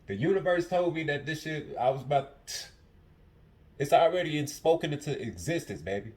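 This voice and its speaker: A man's voice: a little high, animated, moderate pace, a little mellow. A young man hosting a casual podcast at home, talking in a passionate, profane monologue that repeats itself. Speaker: podcast host.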